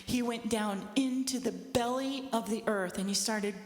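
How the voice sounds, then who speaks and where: A woman's voice: on the high side, measured pace, a little mellow, soft background music. Woman telling her testimony in an echoing hall. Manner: earnest, conversational storytelling with asides to listeners. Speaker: speaker giving a testimony. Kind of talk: personal testimony to an audience. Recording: echoey hall with long reverb.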